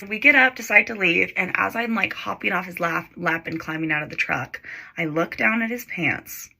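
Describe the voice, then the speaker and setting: Young woman in her 20s, raspy fry in her voice, super bright tone, chatty storytime. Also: medium pitch. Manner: chatty, lots of "like", laughs while telling. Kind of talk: casual storytime.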